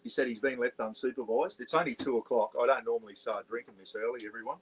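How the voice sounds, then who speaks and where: A man's voice: medium pitch, fairly even intonation, quick pace, a little hiss or hum, rough recording. A man with an Australian accent, hosting a rambling, casual livestream chat from his caravan. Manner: rambling and chatty, often saying "bloody". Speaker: vlog host. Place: parked caravan.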